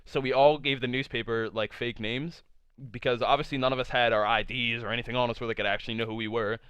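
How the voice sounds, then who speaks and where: A man's voice: medium pitch, fairly even intonation, fast, fairly bright tone, clean tone, dry recording. A young man vlogger telling a casual storytime tale, rambling with lots of "like" fillers and plenty of swearing. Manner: rambling, full of "like" fillers, profane. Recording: dull lo-fi sound.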